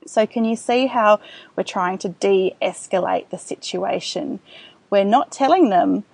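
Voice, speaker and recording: A woman's voice: medium pitch, measured pace, gravelly, darkish tone, breathy edge, dry recording. A woman hosting a parenting podcast, explaining things in an earnest way and acting out the soothing words a parent might say.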